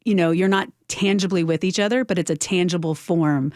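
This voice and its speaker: A woman's voice: fairly low pitch, fairly quick, no room sound, clean studio sound. A middle-aged woman from Texas with a Texan accent, a radio guest telling a personal story with emotion. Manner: warm, emotional storytelling with acted quotes. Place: radio studio.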